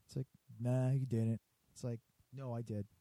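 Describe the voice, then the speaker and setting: A man's voice: mid-range voice, little pitch movement, moderate pace, dark tone, no room sound. A man who works at a barbershop, casually swearing his way through a story about rude customers and acting out their lines. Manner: profane, storytelling, acts out customers. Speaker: barbershop worker. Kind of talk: casual chat.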